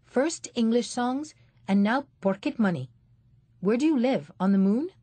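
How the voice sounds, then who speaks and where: A woman reading an audiobook, voicing a gruff, sleepy man behind a cinema snack counter in a gravelly voice, bossy and mocking. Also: mid-range voice, animated, moderate pace, no echo. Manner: bossy, sharp then wheedling. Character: gruff grown man, sleepy refreshments seller, leering and pushy.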